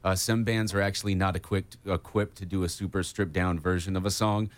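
Chatty deep-voiced radio host. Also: male voice, little pitch movement, brisk. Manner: chatty, enthusiastic, lots of fillers. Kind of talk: casual radio interview.

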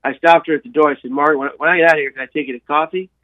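A man telling a long personal story in an interview, animated, with frequent restarts and repeated words. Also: fairly high pitch, very fast, no echo. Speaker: guest sharing his life story. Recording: dry tinny phone-like sound.

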